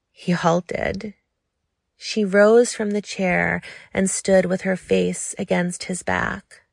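A woman narrating an audiobook in a slow, intimate, low-key reading. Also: steady tone, gravelly, no echo, clean studio sound.

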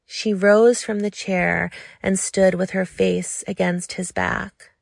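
A woman narrating a story in a slow, lingering, intimate way. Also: medium pitch, fairly even intonation, vocal fry, no echo, clean studio sound.

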